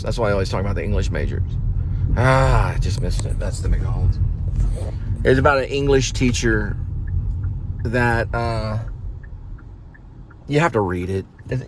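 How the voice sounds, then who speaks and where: A man's voice: mid-range voice, noisy background. Angry rambling man ranting from a car. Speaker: vlogger, delivery driver. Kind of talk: casual ranting monologue while driving.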